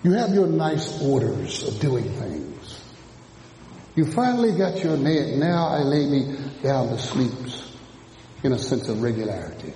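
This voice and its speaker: A man preaching a sermon, dropping low and then rising to shouts as he mimics churchgoers. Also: very animated, measured pace, a little hiss or hum. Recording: echoey hall from a distance.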